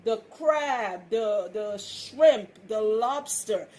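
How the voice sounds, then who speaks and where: A woman's voice: fairly high pitch, expressive, drawn-out words, a little mellow. Chatty Trinidadian woman giving hair tips. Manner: chatty, frank, laughs often. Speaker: loctician. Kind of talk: casual how-to vlog.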